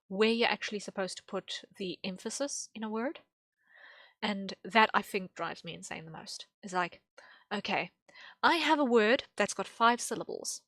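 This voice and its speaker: A woman's voice: medium pitch, a bit bright, dry recording. A young woman streaming while she draws, rambling casually with lots of fillers and small laughs. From English-speaking. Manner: rambling, thinking aloud with many fillers and laughs.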